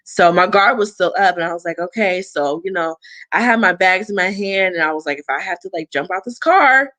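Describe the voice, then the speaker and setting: A young adult woman, a guest, telling a personal story and acting out the dialogue with big jumps in pitch. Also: a little fast, no room sound. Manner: animated, acts out quoted dialogue with big pitch swings.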